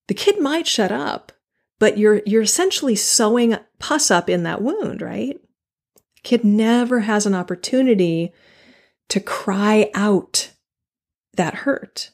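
A woman's voice: medium pitch, animated, slow pace, darkish tone. A woman hosting a solo podcast, talking earnestly and animatedly, repeating key phrases for emphasis and restarting her sentences. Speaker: podcast host.

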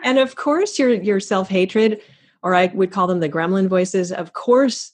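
A woman hosting a podcast, speaking in a thoughtful, affirming and measured way. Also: mid-range voice. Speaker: podcast host. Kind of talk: reflective interview chat.

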